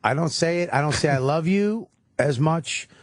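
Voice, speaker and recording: Husky guy on the radio, fairly high voice, super lively, dry close mic. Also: moderate pace, no echo. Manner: animated storytelling, acts out quotes. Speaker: guest comedian. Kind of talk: casual radio banter.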